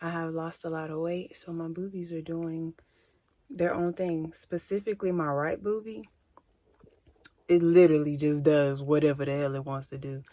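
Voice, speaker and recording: A woman's voice: deep voice, flat delivery, normal speed, mellow, no room sound. A woman chatting casually in a vlog from inside her parked van, playful and self-mocking as she rambles. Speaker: vlogger.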